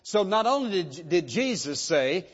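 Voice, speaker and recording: A male pastor delivers a sermon in a fairly high voice, driving his points home with rhetorical questions and repetition. The sound is muffled and lo-fi. His words ring out with a long echo through a large hall. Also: big pitch swings, a little slow. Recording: dull lo-fi sound in a reverberant hall.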